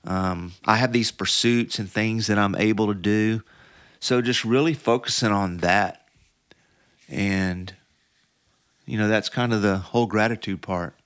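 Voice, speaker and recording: A middle-aged man speaks in a lowish, smooth, clear voice, recorded dry and close. He tells his story casually and rambles, full of fillers and restarts. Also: measured pace, a bit bright, dry recording. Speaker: podcast guest.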